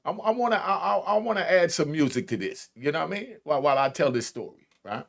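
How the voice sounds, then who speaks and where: A man's voice: fairly high pitch, animated, quick pace, vocal fry. A man in his sixties hosting his own show, telling a rambling prison story in casual street slang, full of asides and restarts. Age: 60s. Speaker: host.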